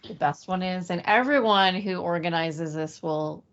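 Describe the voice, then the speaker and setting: A woman from Chicago moderating the Q&A of an online conference session, relaxed and matter-of-fact. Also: on the low side, moderate pace. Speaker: event organizer moderating Q&A. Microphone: video call. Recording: dull lo-fi call audio.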